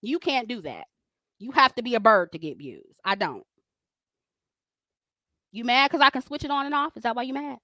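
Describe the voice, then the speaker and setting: A woman's voice: a little high, lively intonation, moderate pace, long pauses, bright, forceful tone, no echo, studio quality. A woman hosting a livestream, ranting at critics in a confrontational, profane way, laughing often as she reads super chats.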